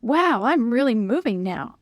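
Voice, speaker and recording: A woman's voice: a little high, unhurried, no room sound, studio quality. A woman reading a children's story aloud, voicing a young boy who cries out when he gets into trouble. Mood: eager. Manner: excited shouts and frightened cries for help. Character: young boy, impulsive and then scared.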